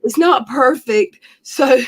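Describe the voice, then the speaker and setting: A woman's voice: high voice, takes it slowly. A woman hosting a casual livestream, chatting in a rambling way and laughing often. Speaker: livestream host.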